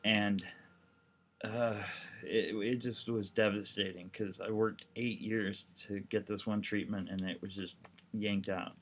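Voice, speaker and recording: A man's voice: on the low side, fairly even intonation, unhurried. A seriously ill man talking casually to the camera, rambling and heartfelt with lots of fillers. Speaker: documentary vlogger.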